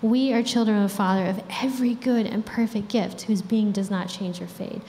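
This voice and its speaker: A woman's voice: medium pitch, fairly even intonation, fairly quick, warm tone. Young woman preaching in a reverberant hall. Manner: casual, chatty preaching with frequent fillers. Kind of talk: sermon. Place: church hall. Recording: reverberant hall with faint background noise.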